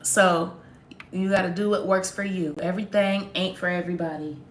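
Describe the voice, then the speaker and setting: A young woman chatting casually to viewers on a livestream, sarcastic and quick to laugh. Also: lowish voice, fairly even intonation, echoey room, a little hiss or hum. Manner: sarcastic, laughs often, talks straight to viewers. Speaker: livestream host.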